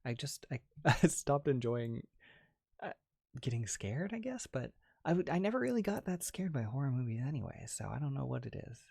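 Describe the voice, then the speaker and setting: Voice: medium pitch, big pitch swings, normal speed, gravelly, a little mellow, dry recording, studio quality. A young adult ASMR creator hosting a casual livestream, chatting and reading out chat messages, with frequent giggles and a lot of "like". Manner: chatty, lots of "like" and restarts, giggles often.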